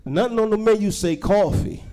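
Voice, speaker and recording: A young man doing a stand-up comedy set, telling stories loudly and acting out the characters he describes. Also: high-pitched, normal speed. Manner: loud animated storytelling, acting out characters.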